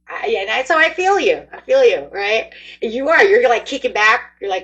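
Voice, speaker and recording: A woman giving a casual tarot reading, chatty and excitable, talking straight to her viewers. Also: a little high, normal speed, slight background noise, poor audio. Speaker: tarot reader.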